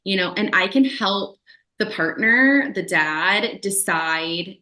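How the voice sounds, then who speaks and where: A woman doula talking casually as a podcast guest, lively, often acting out what clients and partners say. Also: medium pitch, slow. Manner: animated, acts out quoted voices of clients. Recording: roomy echo.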